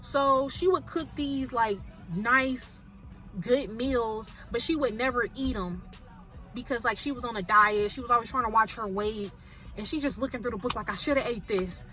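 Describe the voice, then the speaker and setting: A woman reviews a movie by retelling its plot in a lively, chatty way. Her voice is high and bright. Faint music plays underneath. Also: moderate pace. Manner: animated, chatty storytelling with fillers. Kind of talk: casual retelling of a film plot.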